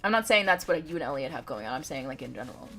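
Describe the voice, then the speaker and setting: A woman's voice: extremely low pitch, expressive, racing, sharp tone. A woman live-streaming a game from home, chatting and giggling as she talks straight to her chat. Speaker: livestreamer.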